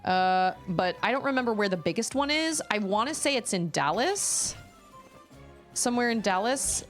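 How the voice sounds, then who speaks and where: A woman's voice: a little high, lively intonation, moderate pace, faint music behind. A woman streaming a video game, chatting in a rambling, exclamatory way while she plays. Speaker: gaming streamer. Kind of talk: casual chat while playing.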